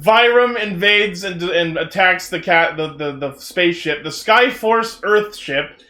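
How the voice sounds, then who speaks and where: A man co-hosting a podcast in casual chat, excitable and joking, laughing often. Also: sits high, unhurried, reverberant. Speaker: podcast co-host.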